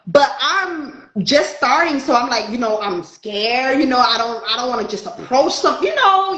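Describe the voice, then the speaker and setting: In a roomy-sounding, rough recording, a fairly high-pitched woman, a spiritual light worker, chats casually while telling a story. She is animated, performing the dialogue of the characters herself.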